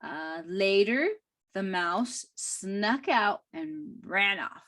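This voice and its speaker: A woman teaching a language class reads a short story aloud line by line, explaining it slowly and carefully. Her mid-range voice is animated, with fillers and soft laughs sprinkled in.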